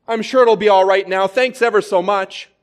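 A man voicing a frightened man who pleads frantically, his voice pushed up high. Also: fairly even intonation, moderate pace, lightly acted. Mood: frantic.

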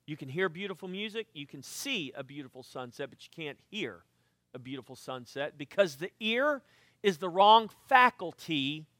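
An older man, a pastor, preaching a sermon with lively swings between quiet asides and loud emphatic bursts. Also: on the high side, moderate pace, dry recording, clean studio sound.

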